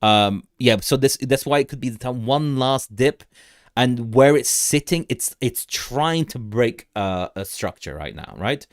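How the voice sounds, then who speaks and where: A young man hosts a casual crypto livestream, rambling through charts, greeting viewers in the chat and laughing often. His mid-range voice has lively intonation and a slightly slow pace, in a dry, studio-quality recording.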